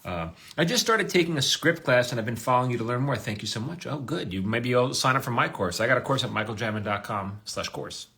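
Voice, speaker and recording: A man's voice: medium pitch, fast talker, few pauses, sharp tone. A middle-aged man, a showrunner, chatting casually on a live stream, reading viewer comments aloud and answering them in an offhand way. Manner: chatty, offhand, plugs his show and answers viewers directly. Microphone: phone or webcam on a live stream.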